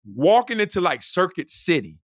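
A middle-aged man from Los Angeles, a guest telling stories in an animated way, laughing and acting out quotes with loud, high bursts. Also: normal speed, no room sound, clean studio sound. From Los Angeles, United States. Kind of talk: animated storytelling.

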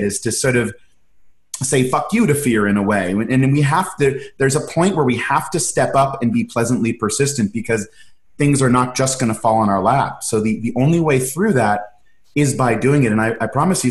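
A man hosting a casual conversation, enthusiastic and rambling, often restarting his sentences. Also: mid-range voice. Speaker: host, acting coach. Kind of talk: casual video-call conversation. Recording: echoey room.

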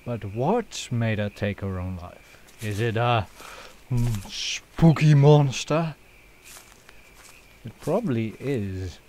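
A man's voice: lowish voice, lively intonation, a little slow, few pauses, a little mellow, a little hiss or hum. A young man hosting a let's play, joking around, swearing and using lots of fillers. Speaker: gaming channel host.

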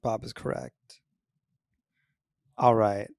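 A man's voice: on the low side, steady tone, slow, gravelly, darkish tone, no echo, studio quality. A man working as a producer, asking short questions in a plain, matter-of-fact way. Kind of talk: off-camera questions.

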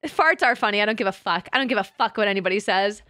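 A woman's voice: medium pitch, fast talker, pushed and bright, no room sound, studio quality. A woman streamer chatting casually with her live chat, crude and teasing, laughing often.

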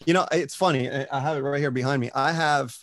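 A man's voice: medium pitch, steady tone, fast, fairly bright tone, no room sound. A man speaking as a podcast interview guest, talking with motivational energy and often checking in with "right?" and "you know". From Puerto Rico and the US. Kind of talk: casual podcast conversation.

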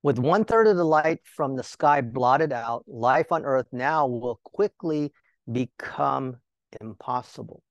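A man's voice: mid-range voice, lively intonation, slow, no room sound, dull audio. A male Bible teacher giving a sermon, talking to the listeners with rhetorical questions and joking asides.

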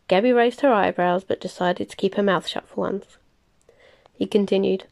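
A woman reading a novel aloud, plain and unhurried, with small slips she corrects as she goes. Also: medium pitch, vocal fry, darkish tone. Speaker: reader. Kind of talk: audiobook-style novel reading.

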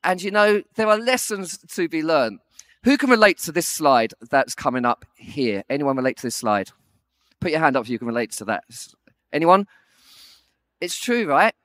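Animated man preaching a funny story. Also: on the high side, normal speed, no room sound. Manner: animated, self-deprecating storytelling. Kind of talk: humorous storytelling sermon.

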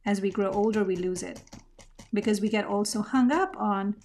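A woman's voice: mid-range voice, expressive, fairly quick, gravelly, darkish tone. A woman teaching a mixed media art lesson, talking reflectively as she draws and often searching for her words. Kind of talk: craft tutorial narration.

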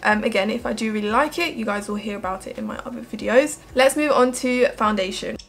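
A woman's voice: mid-range voice, quick pace, creaky. A young woman chatting through a makeup tutorial as a beauty vlogger, gushing and emotional. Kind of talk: casual makeup tutorial chat.

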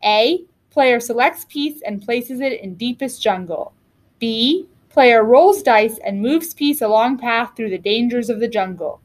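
Bright eager girl, bossy, high, as a woman reads her. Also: measured pace, natural voice. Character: bossy determined girl, older sister.

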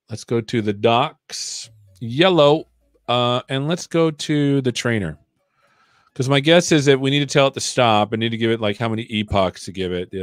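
A man's voice: medium pitch, dry recording, studio quality. A man hosting a live coding stream, chatting casually and joking while he thinks aloud.

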